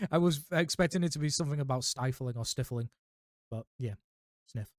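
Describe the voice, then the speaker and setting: A man reading a book aloud on a livestream, with relaxed, chatty asides to his viewers. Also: a little high, normal speed, no echo, studio quality. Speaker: livestream reader.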